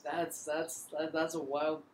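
A man's voice: a little high, completely flat delivery, unhurried. A man co-hosting a podcast in casual chat, slangy and swearing freely, laughing often. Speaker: podcast co-host. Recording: echoey room with faint noise.

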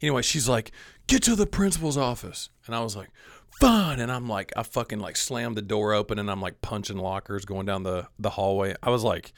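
A man's voice: fairly low pitch, fairly even intonation, fast talker, hardly any pauses, no room sound, clean studio sound. A young man telling a story in casual chat, rambling with lots of fillers and frequent swearing. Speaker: podcast co-host telling a story.

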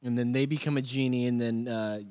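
A man's voice: mid-range voice, fairly even intonation, brisk, darkish tone, smooth, dry recording. A man co-hosting a movie podcast, goofy and laughing, making crude jokes. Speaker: podcast co-host. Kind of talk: casual chat.

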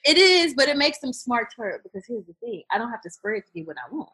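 A woman's voice: on the high side, very animated, quick pace, bright, forceful tone, breathy edge. A young woman in a casual group chat, blunt and candid, swearing freely. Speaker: podcast co-host.

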